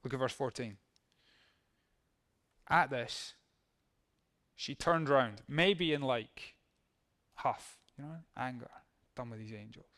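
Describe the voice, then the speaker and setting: A man's voice: medium pitch, slow, pauses often, a bit bright. A male pastor preaching a sermon in a conversational way, reading verses and acting out how they might sound.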